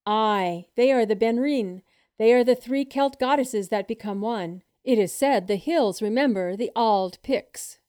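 A woman's voice: fairly high pitch, a little slow, warm tone, clear, resonant tone, close to an everyday voice. A woman voicing an elderly farmer man in an audiobook, with a plain, matter-of-fact way of talking.

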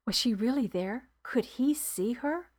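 A woman with a fairly high voice reads her own novel aloud in a soft, subdued way. She is recorded close up in a dry, quiet room, with no room echo. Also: expressive, unhurried. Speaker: author and audiobook narrator. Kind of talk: reading own novel as a podcast.

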